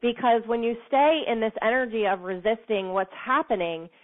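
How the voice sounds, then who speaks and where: A woman's voice: on the high side, normal speed. A woman giving an earnest, encouraging motivational talk to her listeners, repeating phrases for emphasis. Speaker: motivational speaker. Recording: tinny phone-like sound.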